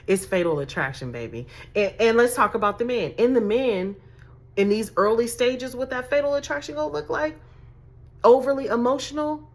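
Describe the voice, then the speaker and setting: Woman, 30s, life coach, emphatic, sassy. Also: mid-range voice. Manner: sassy, emphatic, laughing asides. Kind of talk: direct-to-camera advice talk.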